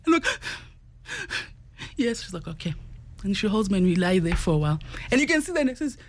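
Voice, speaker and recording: As a studio guest, a South African para-athlete and journalist animatedly relates a personal story, performing the words of other people by quoting them. She talks at a medium pitch and normal speed, sounding very animated.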